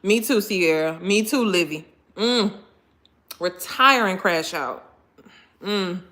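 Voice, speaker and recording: An animated, expressive woman, chatting casually with her viewers during a live stream. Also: mid-range voice, takes it slowly.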